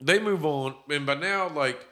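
A man's voice: fairly high pitch, measured pace, bright, forceful tone. A man in casual, profane chat, animatedly retelling a movie's plot with a co-host.

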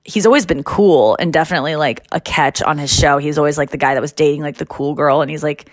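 Low-voiced woman telling an animated story. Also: fast, no room sound, clean studio sound. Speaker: podcast host. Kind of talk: casual chat.

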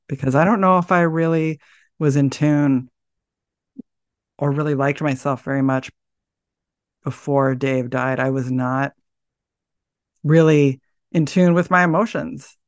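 A middle-aged woman speaking as a podcast guest, thoughtful and soft-spoken, often pausing to search for words. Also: sits low, steady tone, no room sound. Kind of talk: reflective interview talk.

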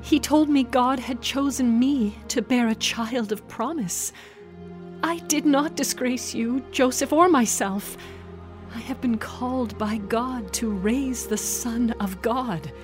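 Earnest young woman, pleading, high and slow, for a storybook drama. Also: soft background music.

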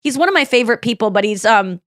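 Animated, swearing woman podcast host. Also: a little high, quick pace, dry recording, studio quality. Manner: animated storyteller who swears freely and acts out quotes. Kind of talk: casual chat.

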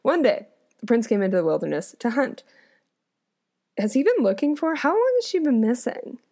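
A woman's voice: fairly high pitch, big pitch swings, brisk, warm tone. A woman reading a fairy tale aloud and stopping often to muse about the story in chatty asides. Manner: chatty, musing asides between passages. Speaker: audiobook reader.

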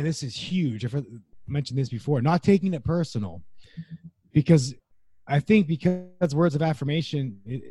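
Earnest, lightly higher-voiced man. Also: darkish tone, dry recording. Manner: earnest, reflective, chuckles often. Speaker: guest. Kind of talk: casual conversation.

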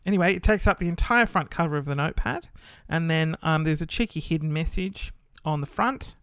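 A man's voice: fairly high pitch, brisk, a bit bright, clear, resonant tone, dry recording. Brief: Australian man, casual monologue host, loose and sweary, dry recording. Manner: chatty and rambling, swears casually, many fillers.

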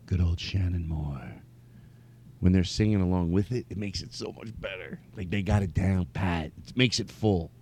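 A man hosting a comedy podcast, rambling through an improvised monologue and slipping between mock anger and silly falsetto singing. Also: normal speed, a little mellow, slight background noise.

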